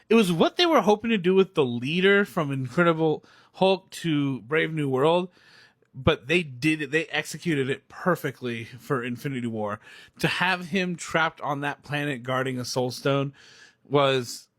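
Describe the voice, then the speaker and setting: On the high side and unhurried, a young man's voice rambles through a casual movie rant, excitable and quick to laugh, as a reviewer would. It was self-filmed on a phone or camera, yet sounds studio quality with no room sound.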